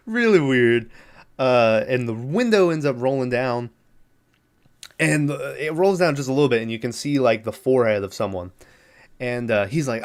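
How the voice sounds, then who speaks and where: A man's voice: mid-range voice, animated, moderate pace. A male podcast host casually recapping a film, rambling with lots of fillers, laughing and acting out the characters' lines.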